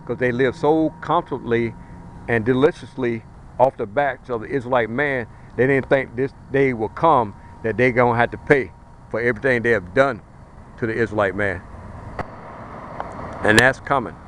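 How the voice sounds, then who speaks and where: A man's voice: medium pitch, normal speed, fairly bright tone, a little hiss or hum, rough recording. A man preaching a fiery street sermon outdoors, blunt, colloquial and emphatic as he warns his listeners.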